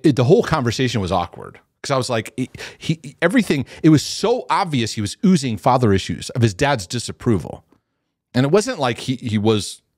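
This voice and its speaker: A man's voice: mid-range voice, no room sound, studio quality. A middle-aged man, a former youth pastor, telling stories in casual teaching talk and acting out the quotes. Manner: animated storytelling with acted quotes and restarts.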